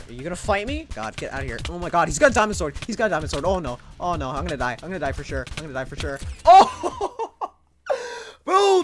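A gaming creator giving excitable live gameplay commentary to themselves, full of exclamations and quick laughs. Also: medium pitch. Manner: excitable, talks to self, frequent laughs and exclamations. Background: background music.

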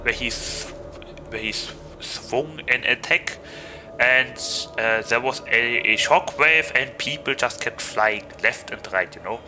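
A man's voice: medium pitch, takes it slowly, background noise. A man with a German accent chatting loosely and jokingly to viewers as a game streamer. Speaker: VTuber streamer. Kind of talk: gaming livestream chat.

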